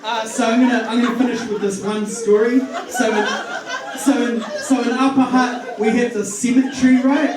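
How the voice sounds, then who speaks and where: A high-voiced man with a New Zealand accent does a stand-up set, nervous and rambling, full of ums, restarts and giggles at his own jokes. He sounds distant from the mic in a very echoey room. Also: flat delivery, moderate pace, a loud crowd. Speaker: stand-up comedian. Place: comedy club stage with audience.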